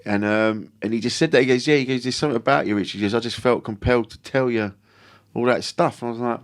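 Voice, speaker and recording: A man's voice: medium pitch, fast talker. A man, a comedian guesting on a podcast, telling stories in a rambling, swearing, self-interrupting way. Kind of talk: casual chat.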